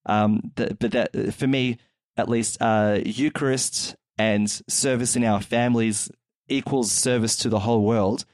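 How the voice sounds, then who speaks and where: A man's voice: on the low side, fairly even intonation, unhurried, darkish tone, no room sound, studio quality. A man hosting a casual chat podcast, chatty and full of fillers, retelling events. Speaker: podcast host.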